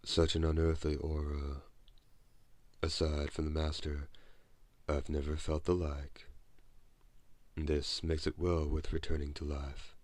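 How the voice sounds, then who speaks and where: A man's voice: rumbling low, flat delivery, a little slow, pauses often, a little mellow, no room sound. A man voicing a smug, taunting male vampire knight in an audiobook. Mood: awed. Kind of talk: audiobook character voice.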